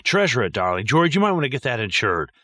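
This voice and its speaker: A man voicing a snooty mother fussing over a diamond ring in a high, affected drawl. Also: big pitch swings, quick pace, pushed and bright, dry recording, clean studio sound.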